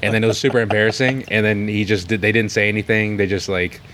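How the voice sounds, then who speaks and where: A man hosting a podcast in casual chat, playful and quick to laugh. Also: lowish voice, steady tone, a bit bright, a little hiss or hum. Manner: laughs often, playful, tries impressions. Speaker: podcast host.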